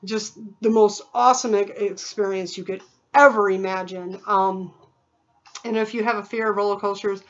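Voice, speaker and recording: A woman's voice: mid-range voice, lo-fi sound. A woman vlogging in a casual, rambling way, full of fillers and imitated sounds. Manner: chatty, digressive, with many fillers and imitated sounds.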